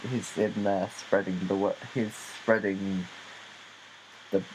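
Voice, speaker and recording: A man's voice: low voice, little pitch movement, slow pace, a little mellow, slight background noise, rough recording. A man co-hosting a casual comedy podcast, talking in a playful way and jumping into silly bits. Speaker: podcast co-host.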